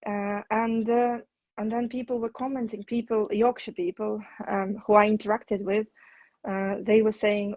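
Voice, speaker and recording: Woman teacher, measured and explanatory. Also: mid-range voice, little pitch movement, darkish tone, no echo. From outside the UK. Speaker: English teacher and host. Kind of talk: casual conversation on a video chat. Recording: dull lo-fi, dry sound.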